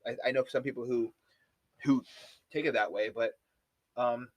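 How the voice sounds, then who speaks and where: A man in casual podcast conversation, spinning stories with lots of energy and plenty of cursing. His voice sits at an ordinary middle pitch, picked up dry and close with no room sound. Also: moderate pace, dry recording, muffled recording. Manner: animated storyteller, swears freely.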